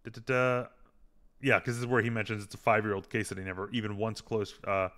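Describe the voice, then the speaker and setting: Man, casual podcast recap, rambling, bright voice. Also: on the low side, quick pace. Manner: rambling, retells scenes with filler hums. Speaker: podcast host. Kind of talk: casual episode recap chat.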